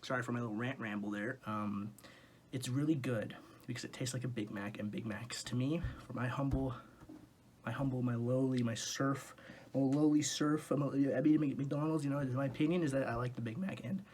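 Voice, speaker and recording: A young man rambles through a comic fast-food review, wandering off on tangents and breaking into sweary rants. His voice sits at an ordinary middle pitch. Faint noise and a few clicks run behind him in his dim room. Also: steady tone, a little mellow.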